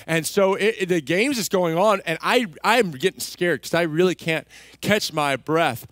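A male pastor from Texas preaching a sermon, telling a story with lively delivery and acting out the voices of people in it. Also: high voice, moderate pace, no room sound. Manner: animated, acts out voices in his stories. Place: church stage.

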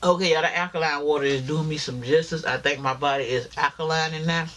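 A man's voice: on the high side, fairly even intonation, quick pace, bright, forceful tone, a little hiss or hum. A tired man, chatting casually to viewers while eating in a mukbang vlog. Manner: chatty, talks straight to viewers as y'all, chewing between lines. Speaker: mukbang vlogger.

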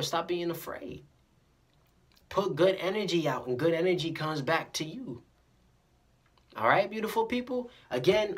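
A casual motivational vlogger speaking directly to viewers at a mid-range pitch. The delivery is animated and preachy, with stumbling repeats and little acted-out dialogues. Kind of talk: casual motivational talk to camera.

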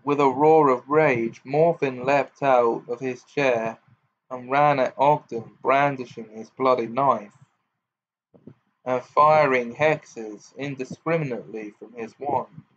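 A man reading a novel aloud as audiobook narration, in a measured, even way. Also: medium pitch, highs cut off. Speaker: reader.

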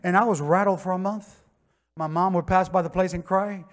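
High-voiced preaching man, Miami accent. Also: fairly even intonation, normal speed. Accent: Miami English. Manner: impassioned preaching that builds to shouting; conversational storytelling with acted quotes. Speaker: pastor. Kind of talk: sermon. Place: church sanctuary.

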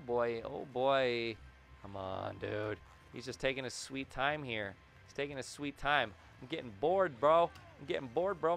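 A man giving casual, excitable commentary over his own gameplay, muttering to himself, then yelling when things happen. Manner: excitable, swings between low muttering and sudden yells; talks to the game and himself, repeats phrases. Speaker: gaming video creator.

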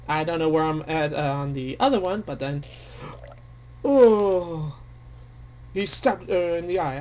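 A young man commenting casually on a game he plays, excitable and dramatic, mocking himself, with game music behind. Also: on the high side, slow, long pauses. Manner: excitable, dramatic, self-deprecating. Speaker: let's play gamer. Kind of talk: casual game commentary, reading dialogue aloud. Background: faint game music.

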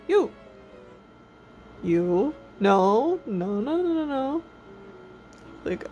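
A woman's voice: high voice, very animated, slow pace, long pauses, warm tone, soft background music. A woman vlogging casually, cooing at and playfully scolding her pet rabbit, laughing often.

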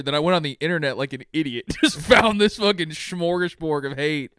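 A young man co-hosting a podcast, chatting casually about a movie, laughing often, swearing and mocking scenes with quick impressions. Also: a little high, animated, fairly bright tone, smooth, no echo, studio quality. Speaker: podcast co-host. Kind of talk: casual movie review chat.

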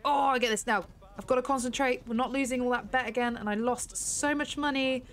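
A woman's voice: sits high, steady tone, brisk, faint music behind. A young English woman from the UK chatting and rambling while she plays a horse racing game, laughing at herself. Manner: chatty, rambling, self-mocking. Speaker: gaming YouTuber. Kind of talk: casual gameplay commentary.

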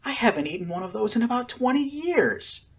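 A man voicing an excitable middle-aged mother who gasps and breathes her words in delight. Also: very high-pitched, brisk, husky, pitched above the performer's own voice, heavily acted.

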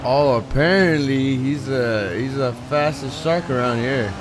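A man's voice: mid-range voice, a little slow, background noise. Joking young man trash-talking while gaming. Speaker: gamer. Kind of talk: casual gameplay commentary.

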